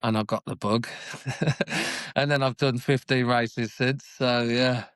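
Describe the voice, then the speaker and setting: On a dry recording, a man in his forties with a British English accent, from the UK, tells his story unhurriedly as a guest on a podcast. His voice is medium-pitched, smooth, fairly bright, and steady, and his casual storytelling is chatty, self-deprecating, and full of laughs.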